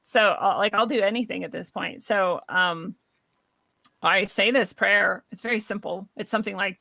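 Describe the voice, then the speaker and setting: A young woman talks through a long personal story with a bright, tense edge to her voice. She laughs often and slips into other people's voices when quoting them. The sound is dry and close, with no room echo. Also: medium pitch, moderate pace, gravelly. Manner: animated, laughs often, acts out quoted voices. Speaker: guest. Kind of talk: conversational storytelling.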